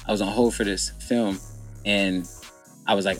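A young man with a low voice tells his story bluntly, full of slang and swearing, in a candid podcast chat. Faint music runs underneath. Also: fairly even intonation, a little fast, a bit bright. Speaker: guest.

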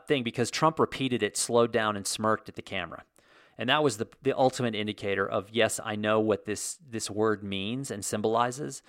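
A man's voice: lowish voice, fairly bright tone, no echo, studio quality. A man hosting a casual opinion monologue, rambling and blunt, with many restarts and asides. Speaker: host.

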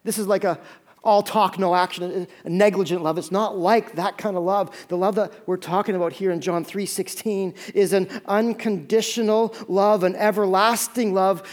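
Male pastor, fairly high voice, earnest conversational sermon delivery. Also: fairly even intonation. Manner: earnest, conversational preaching with dramatic pauses.

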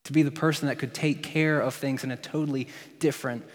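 Guy preaching a sermon, cracks jokes, normal pitch, big echoey hall. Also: fairly even intonation, fast. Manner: jokey, playful asides. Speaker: pastor.

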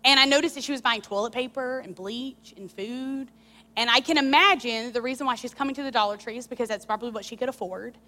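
Woman preacher, bright higher voice, animated candid storytelling, long hall reverb. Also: fast talker. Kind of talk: sermon with personal story.

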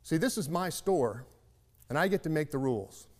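Gentle old-time shopkeeper, a man telling it in a sermon, soft and patient, echo trailing. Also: a little high, lively intonation, moderate pace, lightly acted. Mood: kindly. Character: kindly middle-aged male shopkeeper.

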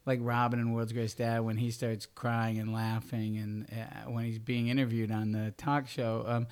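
A film director in casual interview chat, rambling with many restarts and fillers. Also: male voice, medium pitch, flat delivery, moderate pace, darkish tone, clean tone. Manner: acts out quotes with laughter.

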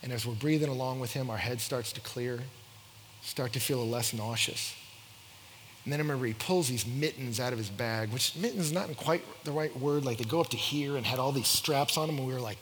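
A young man telling a story to an audience, acting out the quoted lines with big jumps in pitch and loudness. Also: quick pace. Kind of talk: animated storytelling talk. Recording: echoey hall with faint noise.

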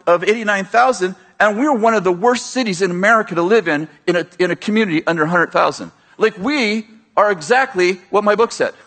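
Middle-aged male preacher, slightly high voice, chatty and animated, in a large church hall. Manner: conversational preaching, acts out dialogue, frequent restarts. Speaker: pastor speaking at a leaders conference. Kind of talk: sermon.

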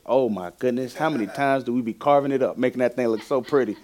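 A young man preaching a sermon with a personal testimony, animated, laughing often and shifting from loud to hushed. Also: mid-range voice, fast talker, hardly any pauses.

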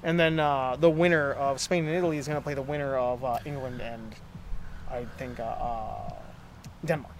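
A man's voice: medium pitch, fairly even intonation, normal speed, noisy background. A man co-hosting a loose, joking chat, swearing freely. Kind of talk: casual chat.

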